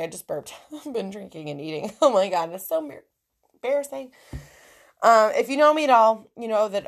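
A young woman with a gravelly, creaky voice hosts her own podcast alone, speaking frankly and emotionally. She swears freely and swings between heated rants and hushed, sheepish asides. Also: medium pitch. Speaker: podcast host. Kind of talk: candid solo podcast monologue.

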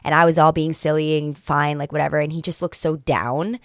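A young woman with a low voice tells a personal story on a casual podcast. She is animated and acts out the other people's lines. The sound is dry and close. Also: brisk, no echo. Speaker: podcast co-host.

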